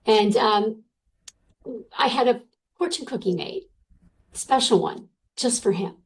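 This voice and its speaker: A middle-aged woman guest telling a personal story in a casual, animated way, with many fillers. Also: mid-range voice, takes it slowly, slightly rough, low-quality recording.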